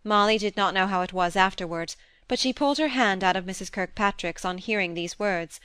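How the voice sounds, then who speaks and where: A woman reading a classic novel aloud in a measured, expressive narration, recorded close to the mic. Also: mid-range voice, clean tone, dry recording. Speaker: audiobook narrator. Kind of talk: scripted narration.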